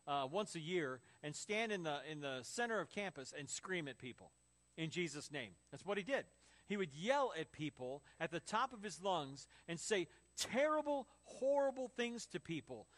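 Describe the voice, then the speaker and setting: A high-voiced male pastor preaching a sermon to his congregation. He tells lively personal stories and breaks into voices for the people in them. His delivery is conversational, with quick asides to the crowd. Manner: storytelling with acted quotes and laughs.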